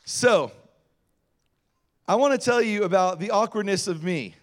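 High, lively-voiced pastor preaching. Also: male voice, unhurried. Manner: animated, storytelling, self-deprecating humor. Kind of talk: sermon with personal stories.

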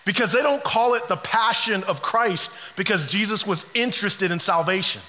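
Very high-voiced, bright preacher man. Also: normal speed, in a large hall. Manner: dramatic swings between soft quiet passages and shouted climaxes. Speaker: pastor. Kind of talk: sermon.

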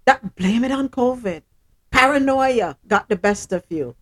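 A woman's voice: a little high, expressive, measured pace. A woman host, speaking emphatically and repeating her points in a heated discussion. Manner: emphatic, repetitive, indignant.

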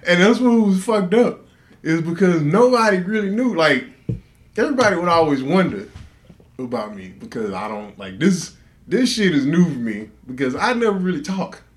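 A man's voice: on the high side, big pitch swings, moderate pace. A man co-hosting a podcast, telling a story in casual, profane speech, often laughing and acting out the people in it. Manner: profane, laughing, acts out dialogue. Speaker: podcast co-host.

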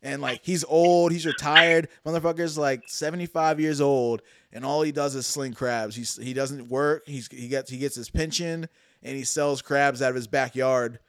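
A man's voice: mid-range voice, steady tone, normal speed, fairly bright tone. A man hosting a casual chat, laid-back and slangy.

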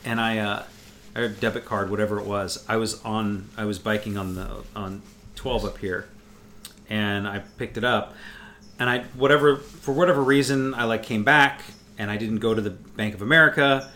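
A man's voice: on the low side, moderate pace, sharp tone. A man chatting casually as a co-host, rambling and swearing freely with frequent restarts. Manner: rambling, profane, restarts often. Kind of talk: casual chat.

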